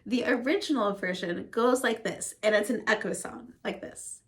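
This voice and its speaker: A woman's voice: on the high side, normal speed, few pauses. A woman music teacher explaining classroom methods to fellow teachers in a conversational, upbeat way. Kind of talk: educational talk to fellow teachers.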